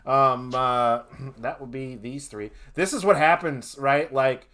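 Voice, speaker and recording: A man running a tabletop game, his voice bright and forward. He chats playfully and narrates the scene with lots of little hesitations. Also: mid-range voice, slow pace. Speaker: game master.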